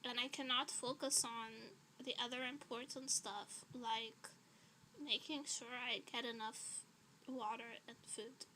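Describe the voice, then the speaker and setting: A woman's voice: on the high side, animated, slow, noisy background. A woman streamer in casual livestream chat, rambling and chatty with frequent laughs, slightly out of breath.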